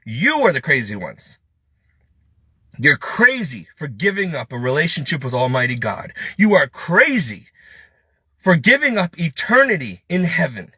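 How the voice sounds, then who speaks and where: A man's voice: a little high, big pitch swings, measured pace, pushed and bright, slightly rough, no echo. A man venting in a heated, preachy monologue, scolding and then complaining with frustration. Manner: frustrated, self-pitying. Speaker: lay preacher.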